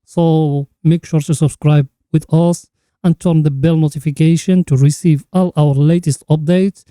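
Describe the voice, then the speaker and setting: Talking the viewer through a market chart, this crypto analyst host is earnest and instructive, leaning on repeated catchphrases and addressing the listener as friend. He has a warm, fairly even, slightly high voice and speaks unhurriedly with no echo.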